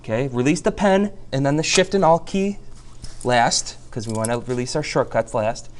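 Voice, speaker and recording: Man, software teacher, casual and jokey, narrates every click, screen-recorded lesson. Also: medium pitch, lively intonation, moderate pace. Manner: chatty, jokey, talks through each click.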